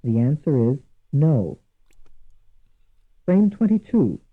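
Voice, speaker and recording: A man giving scripted instructional narration for a language course, measured and deliberate, repeating each example word twice. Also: mid-range voice, sing-song. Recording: tinny lo-fi archival course audio.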